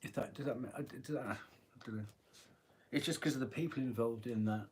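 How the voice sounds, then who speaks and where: A man with a husky voice giving a live tarot reading, chatty and rambling, often clearing his throat. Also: medium pitch, brisk, a little mellow, a little hiss or hum. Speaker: tarot reader.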